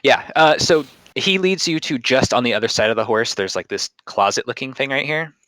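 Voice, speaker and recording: A man's voice: medium pitch, lively intonation, brisk, fairly bright tone. A man narrating as game master on a live stream, rambling and self-deprecating with many fillers.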